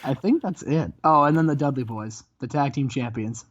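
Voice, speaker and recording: A man hosting comedic let's-play commentary, telling the story in an animated way and laughing often. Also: mid-range voice, normal speed, muffled recording. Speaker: host.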